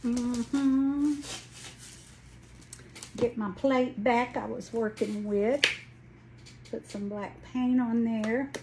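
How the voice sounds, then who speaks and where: A folksy woman in her late sixties with a broad Alabama drawl, chatting on a craft livestream as she works. Her voice sits a touch high and her talk is slow and unhurried. A faint hum of room noise stays under her voice. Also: steady tone. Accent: Southern US, Alabama. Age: 60s. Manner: folksy, chatty, greets viewers by name. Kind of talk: casual livestream chat while crafting.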